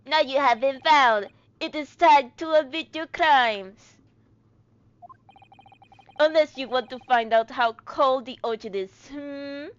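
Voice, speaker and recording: A woman's voice: high-pitched, drawn-out words, few pauses, darkish tone. A woman voicing a stern, mocking captor who interrogates a prisoner, on a dull lo-fi mic. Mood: menacing. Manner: menacing, mocking.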